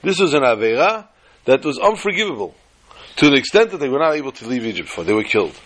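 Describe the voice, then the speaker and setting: A man teaching an informal Torah class, telling jokes and stories with lively jumps in pitch for emphasis. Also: quick pace. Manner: animated storyteller who jumps to high pitch for emphasis.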